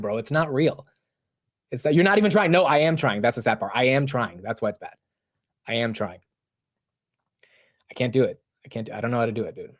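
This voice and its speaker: A man's voice: a little high, animated, a little fast, pauses often. Slangy chatty man hosting a market stream. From United States. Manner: slangy and chatty, says bro and dude, laughs often. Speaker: livestream host. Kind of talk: casual live market commentary.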